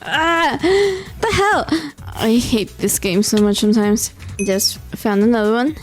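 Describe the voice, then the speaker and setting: A woman's voice: medium pitch, expressive, measured pace, faint music behind. A young woman giving casual commentary over her gameplay, tired late at night, pleading and exasperated and laughing often. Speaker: gaming vlogger.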